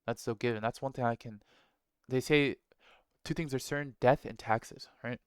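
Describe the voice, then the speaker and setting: A man's voice: mid-range voice, steady tone, normal speed, smooth, dry recording. A man giving a blunt, profane motivational talk, full of slang and rhetorical "right?"s. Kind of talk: casual motivational monologue.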